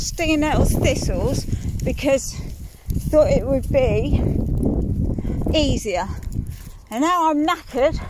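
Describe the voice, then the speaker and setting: A high-voiced woman who talks at an unhurried pace. She chats casually and grumbles with plenty of swearing while walking outdoors through farm fields. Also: background noise. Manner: chatty, exasperated grumbling, swears freely. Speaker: mother vlogging a countryside walk. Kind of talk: casual outdoor vlog chat.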